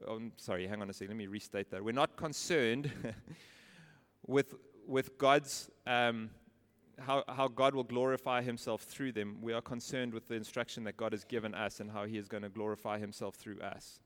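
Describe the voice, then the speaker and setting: A preacher with a lowish, steady, fairly bright voice delivers a sermon at normal speed, his delivery smooth and resonant. He drives his points home with rhetorical questions and repeated phrases, the long reverb of a large hall trailing his words.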